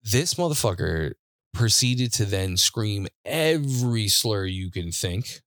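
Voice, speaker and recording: Laid-back low-voiced man telling stories. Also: lively intonation, a little slow, a bit bright, no room sound, studio quality. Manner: laid-back, profane, laughs often while telling stories. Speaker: podcast host. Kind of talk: casual storytelling chat. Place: studio.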